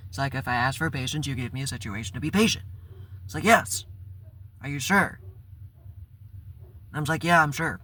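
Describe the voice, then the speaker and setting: A man's voice: medium pitch, brisk, long pauses, bright, forceful tone. A man telling a personal story in a casual, rambling vlog, swearing and breaking into bursts of exasperation. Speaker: spiritual vlogger.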